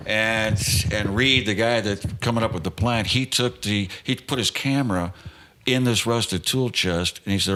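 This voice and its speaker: A man in his sixties, a guest guitarist, telling an animated story in casual talk and acting out the voices of the people in it. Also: medium pitch, moderate pace.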